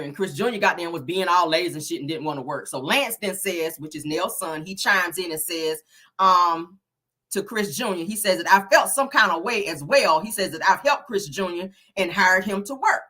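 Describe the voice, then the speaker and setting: A woman recapping a reality show episode in a sassy, animated, slang-filled way. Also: fairly low pitch, brisk. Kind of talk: casual chat.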